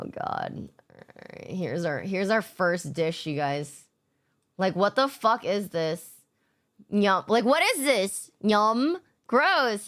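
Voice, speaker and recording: A woman's voice: fairly high pitch, fairly bright tone. A young adult woman streamer chatting casually with her chat, laid-back, swearing often and laughing a lot. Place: home streaming setup.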